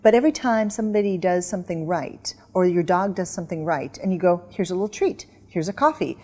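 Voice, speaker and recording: A middle-aged woman, a guest author in an interview, telling lively stories and acting out commands. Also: fairly low pitch, fast. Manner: animated storyteller, acts out dog commands. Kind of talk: casual interview chat.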